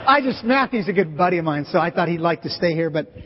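In the church sanctuary, an expressive pastor with a slightly high voice talks fast during his sermon, playfully joking with volunteers onstage. The recording is lo-fi, with background noise and a long hall reverb.

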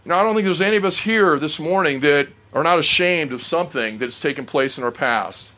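A man's voice: fairly high pitch, a little fast, sharp tone. A middle-aged man preaching a sermon, earnest and personal, often asking the congregation questions.

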